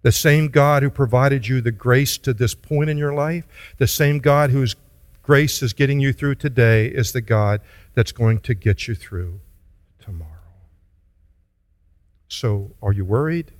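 A man's voice: mid-range voice, no room sound, clean studio sound. A man preaching a sermon as pastor, earnest and pleading, then leading the congregation in prayer. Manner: earnest, pleading, slow deliberate delivery.

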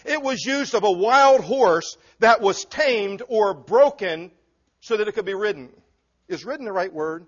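A man's voice: high voice, animated, moderate pace. A man preaching a sermon to a congregation in an earnest, emphatic way, with asides to the listeners. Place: church before a congregation. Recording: dull lo-fi recording.

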